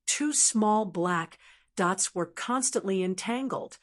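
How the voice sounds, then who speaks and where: A woman narrating an audiobook of a translated fantasy novel in an even, unhurried storytelling manner. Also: mid-range voice. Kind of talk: scripted narration.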